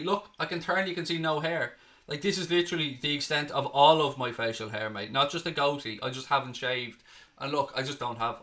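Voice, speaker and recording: Here a mid-range, sharp-toned Irish man hosts a relaxed live watchalong stream. Viewer comments get read aloud and answered, peppered with the odd curse.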